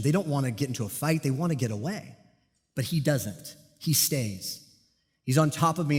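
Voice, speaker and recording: A man preaching a sermon, telling a personal police story with lively, self-deprecating humor. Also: medium pitch. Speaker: pastor and police officer. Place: church sanctuary. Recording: long hall reverb.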